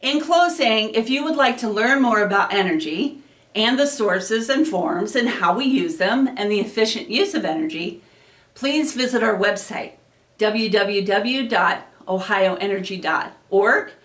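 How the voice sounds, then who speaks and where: Woman teaching kids energy chants, slow and sing-song, kinda far from the mic in an echoey room. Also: mid-range voice, fairly bright tone. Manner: leads chants with slow, drawn-out rhythmic chanting. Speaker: energy educator. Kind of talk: classroom lesson with chants.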